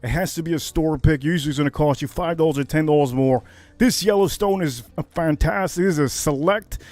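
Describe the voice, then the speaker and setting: A man from Miami hosting a casual whiskey livestream, brash and hyped, jumping to high shouts on catchphrases. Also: a little fast, no echo. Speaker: livestream host reviewing whiskey.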